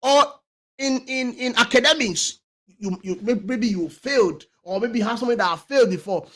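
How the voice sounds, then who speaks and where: A man with a high-pitched voice delivers a motivational talk as a talk show host. He hammers his points with loud stresses and repetition, stumbling over restarts, and lets some phrases drop almost to a murmur. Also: brisk. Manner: emphatic, repeats key phrases, many restarts; swings between loud stresses and quiet trailing words.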